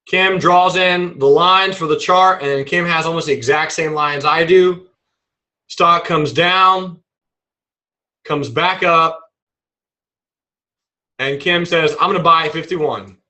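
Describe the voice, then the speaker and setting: A man teaching a trading webinar in a playful, animated way, acting out examples as he explains them. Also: on the high side, slow, pauses often, low-quality recording. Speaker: trading instructor.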